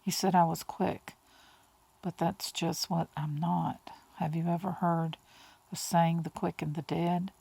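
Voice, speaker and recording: A woman reading the lines of a brooding centuries-old male vampire, quiet, flat and hard. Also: fairly low pitch, a little slow, gravelly, slightly rough, full character voice. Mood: bitter.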